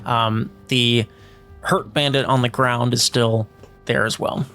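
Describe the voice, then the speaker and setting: Male game master, mid-range voice, easygoing and halting, faint music behind. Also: medium pitch. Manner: relaxed, hesitant, lots of fillers while ruling. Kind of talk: narrating a tabletop game.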